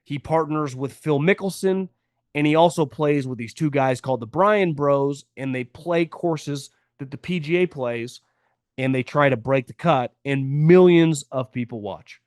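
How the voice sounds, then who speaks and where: A man hosting a sports podcast, his voice sitting a little high for a man. He talks casually and bluntly, hammering home his opinions by repeating key words. The recording is dry, with no room sound. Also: measured pace, a little mellow, no echo. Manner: blunt, opinionated, emphatic repetition. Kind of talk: casual sports media commentary.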